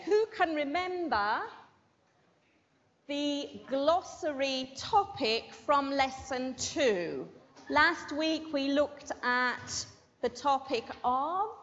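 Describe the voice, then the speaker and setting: Woman, English teacher, slow patient dictation, dull lo-fi recording. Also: high voice, fairly bright tone. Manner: patient, repeats each word twice. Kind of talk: classroom dictation lesson. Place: classroom. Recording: dull lo-fi sound with long room reverb.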